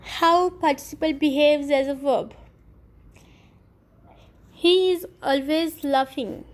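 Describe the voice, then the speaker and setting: Woman teacher, recorded grammar lesson, unhurried and careful, spells out letters. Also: high voice, fairly even intonation. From Pakistan. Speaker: English teacher.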